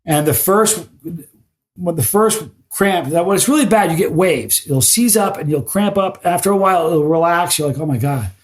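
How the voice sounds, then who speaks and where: A man chats as a podcast guest, spinning animated stories with plenty of false starts. His voice sits a little high for a man. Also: normal speed. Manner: animated storyteller with frequent restarts. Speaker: guest, spicy food challenge creator. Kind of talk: casual podcast conversation.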